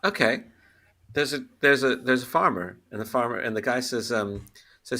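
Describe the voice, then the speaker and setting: A man on a comedy panel, telling a rambling joke and reacting to headlines in an animated, laughing way. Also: medium pitch, moderate pace. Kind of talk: casual comedic panel chat.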